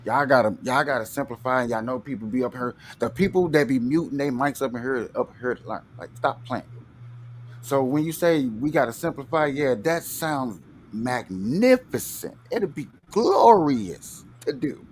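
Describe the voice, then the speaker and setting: Rambling animated man with black american accent. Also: medium pitch, fairly quick, slight background noise. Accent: African American English. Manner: animated, rambling, stacks up repeated words. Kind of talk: casual chat.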